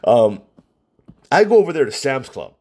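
A man's voice: medium pitch, very animated, moderate pace, a little mellow, slightly rough. A man giving a casual, heated monologue, repeating words for emphasis and firing off rhetorical questions. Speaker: commentator. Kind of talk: casual political rant to camera. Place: Hawaii.

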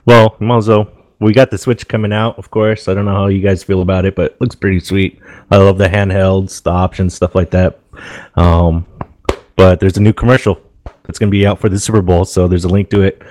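A deep-voiced man hosting a laid-back chat about games. He talks in a relaxed, offhand way. The mic sound is dry and close. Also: a little fast, no room sound.

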